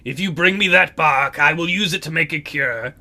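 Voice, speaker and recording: A man reading the lines of a calm, distant young woman priestess in a slow, measured way. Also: fairly high pitch, heavily acted.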